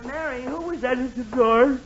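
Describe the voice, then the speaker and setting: A man's voice: extremely high pitch, moderate pace, a crowd in the background. An actor playing an easygoing middle-aged father who placates his wife, in 1940s radio comedy acting. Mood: placating. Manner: placating, mild. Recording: dull 1940s radio broadcast.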